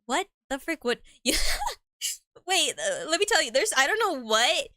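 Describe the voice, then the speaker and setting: Bright-voiced woman rambling on a stream. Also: high-pitched, big pitch swings, moderate pace, dry recording, studio quality. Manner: rambling, slangy, laughs often. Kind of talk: casual live-stream chat.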